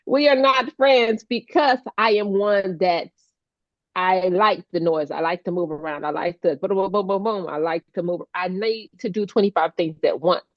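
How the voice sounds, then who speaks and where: A woman co-hosting a heartfelt casual chat, animated and playful, laughing often. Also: medium pitch, unhurried, no echo, lo-fi sound. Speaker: co-host, stroke survivor advocate.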